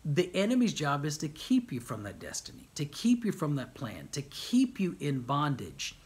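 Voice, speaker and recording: Animated man preaching. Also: a little high, moderate pace. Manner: animated preaching with rhetorical questions and repetition. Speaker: pastor. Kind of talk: sermon.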